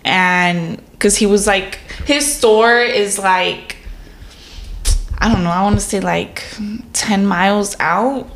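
Slow and medium-pitched, this woman's voice echoes in a reverberant room. She co-hosts a podcast, telling a lively, casual story full of swearing and "like" fillers.

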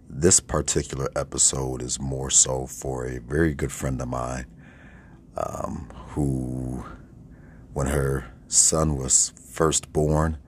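A man with an extremely low, booming voice hosts his podcast, speaking in an unhurried, deliberate radio-announcer manner. Faint background noise sits under his voice. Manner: deep, deliberate radio-style delivery. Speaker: podcast host. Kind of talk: slow personal shout-out monologue.

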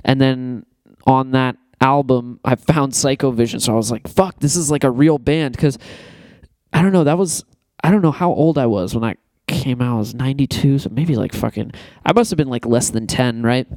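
A man's voice: medium pitch, moderate pace, darkish tone, dry recording, clean studio sound. Rambling, swearing young man hosting a podcast. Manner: rambling, profane, loose with fillers. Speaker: podcast host. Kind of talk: casual music podcast chat.

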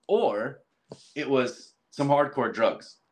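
Animated man telling a story. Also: takes it slowly, breathy edge. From southern Alberta, Canada. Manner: animated, acts out quoted lines with big pitch jumps. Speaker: podcast guest. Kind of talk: casual storytelling in conversation.

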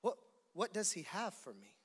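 Preacher doing a hushed, awestruck farmer, soft and high, echoing hall. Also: male voice, sing-song, normal speed, breathy edge, exaggerated voice. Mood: awed. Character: startled humble male farmer at his door. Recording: reverberant hall.

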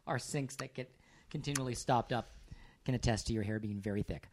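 A man's voice: medium pitch, moderate pace, darkish tone, slight background noise. A man co-hosting a podcast in casual chat, teasing his wife with affection. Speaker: podcast co-host.

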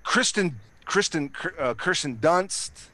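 A man's voice: a little high, lively intonation, slow pace, pushed and bright. A man in casual chat, rambling and swearing, with many restarts and fillers.

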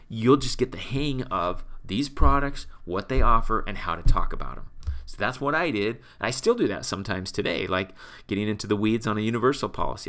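Guy pumping up his sales team, kinda low voice, punchy and repeats stuff for emphasis. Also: fairly bright tone. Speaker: team leader and sales trainer. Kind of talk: motivational team talk.

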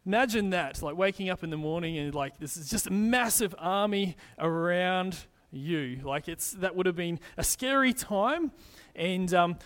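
A man's voice: high voice, lively intonation, moderate pace, fairly bright tone. A man as pastor giving a conversational sermon, often restarting his phrases as he explains scripture.

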